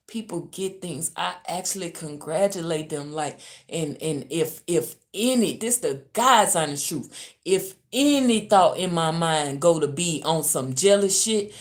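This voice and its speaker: On a ranting livestream from a hotel room, a Louisiana woman who works as a spiritual reader vents in a deep, slow voice. She cusses freely, dropping to mutters and then flaring up loud again.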